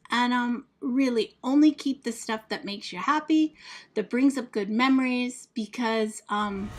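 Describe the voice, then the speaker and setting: A woman with a fairly high voice hosts a casual tips vlog. Her delivery is friendly and plain-spoken, the tone of someone sharing practical advice with viewers, with the odd "um" along the way. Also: a bit bright. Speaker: home organizing vlogger.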